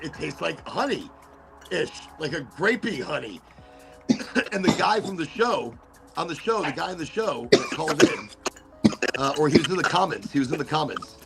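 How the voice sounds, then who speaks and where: Male podcast host, a bit high-pitched with a gravelly voice, animated storyteller. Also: normal speed, loud music behind the voice. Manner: animated storyteller, acts out quotes. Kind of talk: casual chat.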